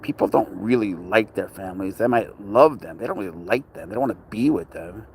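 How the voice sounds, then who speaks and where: A man's voice: lowish voice, expressive, a little fast, a little hiss or hum. A man chatting casually outdoors at a dog park, joking, talking to his cat and greeting viewers by name. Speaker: pet owner vlogger. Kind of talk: casual rambling chat.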